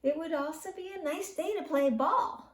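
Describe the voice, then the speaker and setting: A woman reading a children's bedtime story aloud in an expressive storyteller's manner. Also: sits high, distant mic. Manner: slow, expressive read-aloud. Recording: roomy echo.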